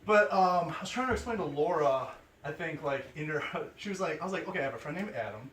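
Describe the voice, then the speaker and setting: Lively high-voiced man telling a story. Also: fast talker, a little hiss or hum. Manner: animated, laughing often, acts out quoted voices. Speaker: friend giving a toast. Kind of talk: casual storytelling to friends. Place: indoor room with a gathering of friends. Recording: echoey room, voice from far off, chatter behind.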